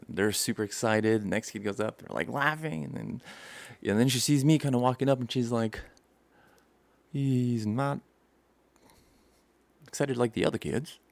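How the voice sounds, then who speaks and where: A man's voice: fairly low pitch, vocal fry, dry recording. A young man casually telling a rambling childhood story to camera, acting out scenes and laughing often. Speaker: vlogger.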